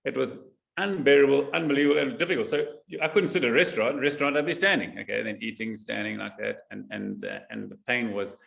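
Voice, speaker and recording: A man guest from South Africa talking in a casual interview, halting and repeating words with emphasis. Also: mid-range voice, gravelly, fairly bright tone.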